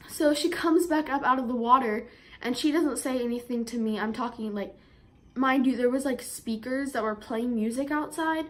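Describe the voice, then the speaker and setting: A young woman vlogger telling a story in a chatty way, with lots of fillers, and getting animated when she quotes herself. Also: on the high side, moderate pace. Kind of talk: storytime vlog.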